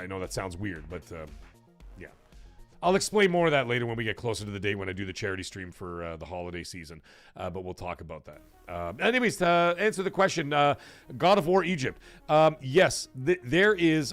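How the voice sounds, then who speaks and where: A man's voice: medium pitch, a bit bright. A man hosting a casual live stream, chatting with viewers, rambling with many fillers and restarts and swearing freely. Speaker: streamer and show host.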